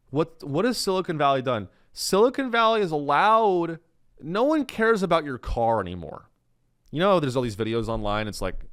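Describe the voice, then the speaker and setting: A man hosting a comedy podcast, delivering a sarcastic, animated monologue full of self-interruptions. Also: mid-range voice, clean tone, no room sound, clean studio sound.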